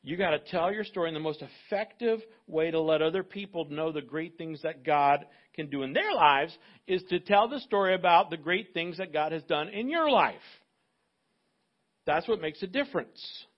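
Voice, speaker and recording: A man preaching a sermon as pastor, animated and acting out little dialogues in different voices. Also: fairly high pitch, moderate pace, muffled recording.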